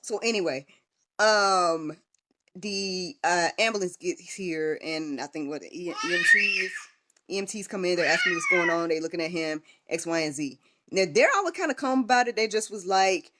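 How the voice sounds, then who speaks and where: A woman's voice: lowish voice, fairly quick, fairly bright tone, a little hiss or hum. A young woman telling a personal story in a casual livestream, chatty and full of fillers and restarts. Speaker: vlogger and podcast host.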